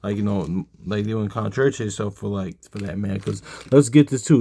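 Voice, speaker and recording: A weary Bible teacher with a low, husky, darkish voice talks briskly with few pauses. He rambles through a casual study, leaning on fillers and reading scripture aloud.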